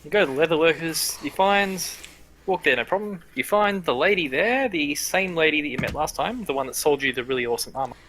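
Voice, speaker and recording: A man's voice: on the high side, lively intonation, a little fast, sharp tone, slight background noise. A man narrating as game master of a tabletop game, chatty, with many fillers.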